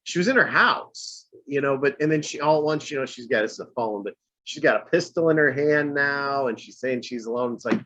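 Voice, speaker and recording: A man co-hosting a podcast, telling a story in an animated way and getting worked up. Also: mid-range voice, a little fast. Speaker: podcast co-host. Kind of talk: casual podcast chat. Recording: dull lo-fi audio.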